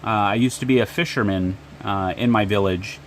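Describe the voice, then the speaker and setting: A man's voice: fairly low pitch, moderate pace, slight background noise, close to an everyday voice. A man voicing a tall, slender, muscular human woman who used to fish in her village. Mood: plain.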